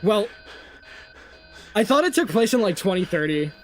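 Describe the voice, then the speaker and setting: A man's voice: high-pitched, sing-song, moderate pace, soft background music. A man co-hosting a game stream, playful and laughing along in casual banter. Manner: playful, laughs along, mock-stern bits. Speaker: co-host. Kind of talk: casual gaming stream chat.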